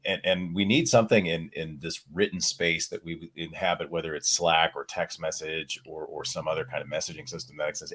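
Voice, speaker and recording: Male podcast host, middle-aged, very low voice, casual and dry-humored. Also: fairly quick, hardly any pauses, husky. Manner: relaxed, wry, thinks aloud with repeated words. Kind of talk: casual conversational interview.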